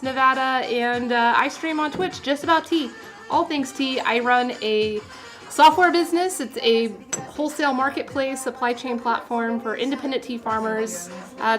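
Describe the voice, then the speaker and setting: Bubbly high-voiced woman hosting a tea stream. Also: moderate pace, fairly bright tone, soft background music. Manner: bubbly, chatty, apologetic, laughs often. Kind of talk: casual livestream chat. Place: tea room.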